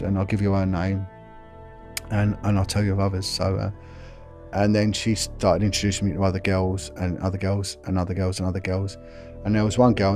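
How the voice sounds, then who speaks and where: A middle-aged man who used to be a police officer speaks low as he describes what happened during an interview. Earnest and grave, he keeps stopping and restarting, repeating words each time.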